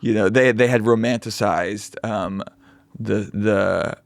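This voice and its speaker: Ranting man with a gravelly low voice. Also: steady tone, no echo. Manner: ranting, sarcastic, quick asides. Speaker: podcast co-host. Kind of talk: casual banter.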